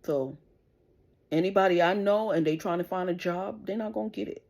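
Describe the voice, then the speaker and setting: A middle-aged woman vlogger speaks a little fast in a lowish, darkish voice. Staring down the camera, she delivers an angry, profane, confrontational rant, asking "you understand?" again and again.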